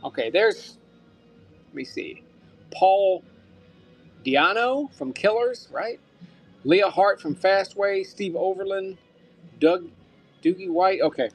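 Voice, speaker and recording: Guy selling stuff on a live stream, kinda high voice, upbeat, thanks everyone by name, faint music behind. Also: big pitch swings, slow, long pauses. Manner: mutters to himself while handling items. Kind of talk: live-stream auction chat.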